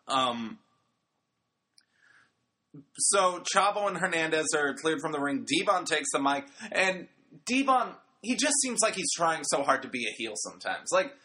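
A man with a bright, forceful voice sitting a little high for a man. He recaps a wrestling broadcast in a loose, rambling chat, breaking off for jokey asides. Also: big pitch swings, unhurried. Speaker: wrestling podcast host. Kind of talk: casual recap commentary.

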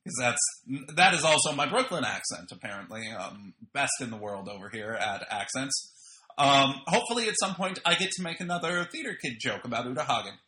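A man's voice: medium pitch, big pitch swings, brisk, bright, forceful tone, echoey room. A man hosting a podcast, giving a casual, opinionated spoken review full of slang and fillers. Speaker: podcast host reviewing wrestling. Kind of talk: casual audio review monologue.

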